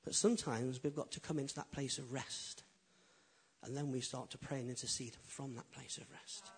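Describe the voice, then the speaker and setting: A man preaching a sermon as a pastor, animated and humorous, swinging from loud emphatic lines to quiet intimate ones. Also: medium pitch, normal speed, breathy edge. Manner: humorous storytelling.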